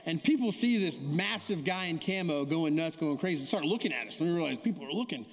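A high-pitched man preaching in a church hall where his voice rings with a long reverb. He tells his stories casually, keeps asking the congregation "right?", and draws responses from the room. He sounds like a pastor at a Sunday sermon. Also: expressive, quick pace. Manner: calls for audience response. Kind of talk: sermon with storytelling. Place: church sanctuary.

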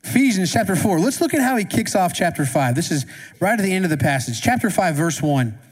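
High-voiced man preaching in a reverberant hall. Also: big pitch swings, fairly quick, husky. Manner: conversational, asks the congregation questions. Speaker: pastor. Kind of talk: sermon. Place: church sanctuary. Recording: long reverb of a church hall.

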